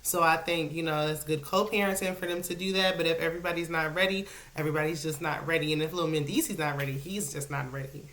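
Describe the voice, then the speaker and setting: A woman hosting a casual, opinionated reality TV recap, clearing her throat and coughing now and then. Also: on the low side, fairly bright tone. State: coughing, with a lozenge in her mouth. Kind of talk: casual chat. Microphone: solo recording setup.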